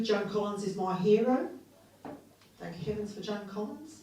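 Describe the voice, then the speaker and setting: A woman's voice: mid-range voice, expressive, unhurried, dark tone, slight background noise. A woman doing a bawdy, self-mocking stand-up comedy set on stage, born in England and raised in Australia. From born in England, grew up in Australia. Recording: roomy live venue from a distance, audience laughter.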